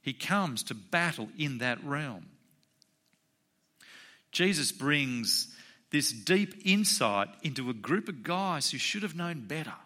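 A man preaching a sermon in a conversational way, acting out the quoted voices with sudden jumps in pitch. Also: takes it slowly. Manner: animated, acts out quoted voices with rising pitch; conversational, with fillers. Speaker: pastor.

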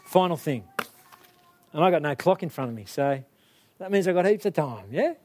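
High-voiced man preaching emphatically. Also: expressive, moderate pace, a little mellow. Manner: emphatic, repetitive, speaks straight to the listeners. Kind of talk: sermon.

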